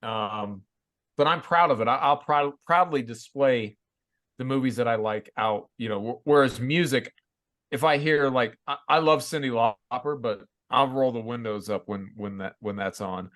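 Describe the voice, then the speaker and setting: A man's voice: mid-range voice, normal speed, fairly bright tone. Wry, joking man in casual chat. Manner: wry, joking, repeats words. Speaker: podcast co-host.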